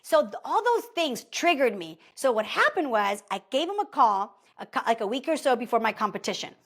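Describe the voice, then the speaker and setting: A woman with a slightly high voice talks to her listeners in a casual, motivational way. She keeps the story going with lots of "like" and "okay?", chatty and animated throughout. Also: a little fast. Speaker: podcast host.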